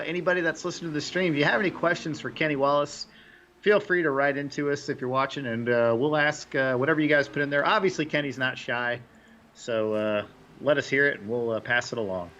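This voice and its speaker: A man hosting live sim-racing commentary, giving relaxed, chatty color commentary. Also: fairly high pitch, slight background noise. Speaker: race commentator host. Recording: slightly dull audio.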